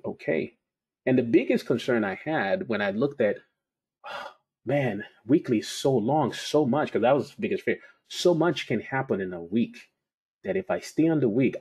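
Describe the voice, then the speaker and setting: Husky-voiced man teaching trading. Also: on the low side, darkish tone. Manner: conversational, storytelling, repeats key points. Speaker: trading educator. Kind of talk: casual teaching monologue.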